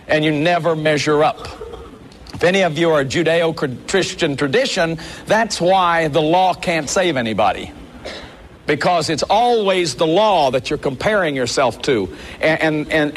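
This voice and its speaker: A man's voice: fairly high pitch, a little hiss or hum. A man leading a workshop, lecturing an audience in an earnest, emphatic way, often stopping to say "see". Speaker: workshop leader.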